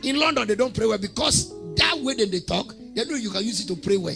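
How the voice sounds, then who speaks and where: A man with a Nigerian accent preaching a sermon, telling humorous stories with mimicked voices and shouting prayer lines for the congregation to repeat. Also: high-pitched, expressive, normal speed, vocal fry, music in the background. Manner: humorous storytelling, mimics congregants, laughs often. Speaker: prophet preaching.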